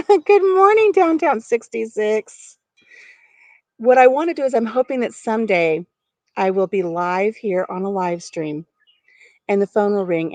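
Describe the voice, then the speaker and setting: A woman's voice: medium pitch, warm tone, dry recording. A middle-aged woman chatting casually on a live stream from outdoors on her farm porch, giggling and talking to viewers by name.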